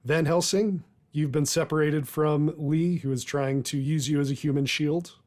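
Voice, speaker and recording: A man narrating as game master of a tabletop game, measured and deliberate, with filler pauses. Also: fairly high pitch, steady tone, a little mellow.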